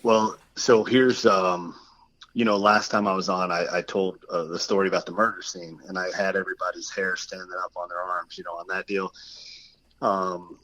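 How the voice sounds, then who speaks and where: On a podcast, a male guest with a low, level, fairly bright voice tells a long personal story at normal speed through poor audio. He rambles casually, leans on lots of fillers, and acts out the people he quotes.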